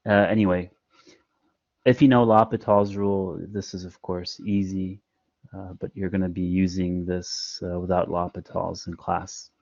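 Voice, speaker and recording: A man's voice: deep voice, level tone, unhurried, vocal fry, darkish tone, no echo, highs cut off. A man explaining a math lesson in an online class, patient and step by step with frequent fillers. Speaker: math instructor. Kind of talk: online lecture.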